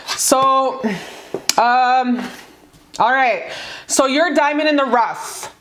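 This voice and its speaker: A gushing, foul-mouthed woman with a fairly high voice, hyped up as she gives a casual pick-a-card tarot reading. Her voice rings around a roomy, echoey space. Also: drawn-out words, pauses often, a bit bright, slight background noise.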